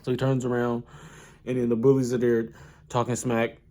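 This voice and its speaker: A man's voice: mid-range voice, moderate pace. A young man casually retelling an anime plot in a rambling, slang-heavy way, doing bits of voices. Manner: rambling, slangy, animated storytelling.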